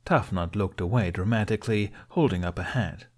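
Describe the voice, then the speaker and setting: A man narrating a fan fiction audiobook in a lively storytelling manner. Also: lowish voice, a little fast, hardly any pauses, slightly rough. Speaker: podfic reader.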